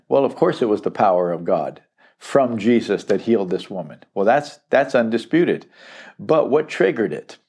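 Low gravelly male Bible teacher. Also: a little mellow. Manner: emphatic, repeats key phrases for stress.

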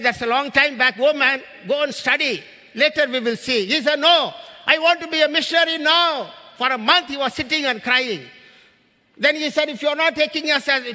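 Man from India in his fifties, missionary preacher, very high and piercing voice, long church-hall reverb. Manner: impassioned, rises to shouts on key phrases. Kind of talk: sermon.

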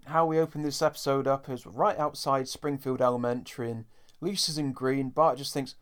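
A man hosts a podcast in casual chat. His voice sits at an ordinary middle pitch. He talks in a loose, chatty way and calls his listeners folks. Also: lively intonation, moderate pace. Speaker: podcast host.

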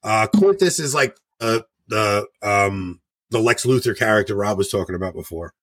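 A man's voice: fairly low pitch, animated, moderate pace, a bit bright, no echo. A man hosting a casual review podcast, joking and rambling as he walks through scenes. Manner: joking, rambling, self-mocking. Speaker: podcast host.

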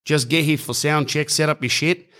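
A man playing a gruff, blunt male pub gig organizer, his voice pushed higher than his own as he brushes off an eager caller. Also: fairly even intonation, normal speed, pushed and bright. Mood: firm. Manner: curt, impatient, brushes off.

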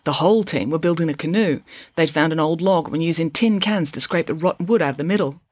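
A woman reading a children's chapter book aloud in an expressive storytelling voice, close to the microphone. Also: deep voice, fast talker, no room sound. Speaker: audiobook reader.

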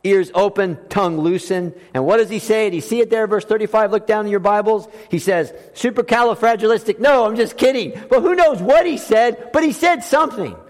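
A man preaching a sermon as pastor, swinging between loud emphatic lines and soft hushed ones. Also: high voice, fairly quick, hardly any pauses. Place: church sanctuary. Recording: long reverb of a church hall.

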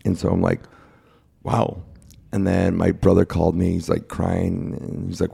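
A man's voice: low-pitched, monotone, moderate pace, vocal fry, mellow, slightly rough. A young man speaking candidly and plainly in a casual interview, recounting his own experience. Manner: candid, plain-spoken, quotes others in his retelling. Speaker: guest sharing his cancer story.

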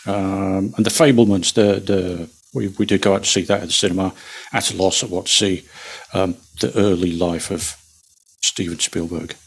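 A man co-hosting a casual chat, hesitant with many pauses and restarts. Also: low-pitched, fairly even intonation, husky. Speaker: podcast co-host.

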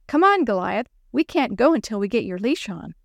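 A woman voicing an eager young schoolgirl in a children's story, a little higher and bright. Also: sing-song, normal speed, creaky, dry recording.

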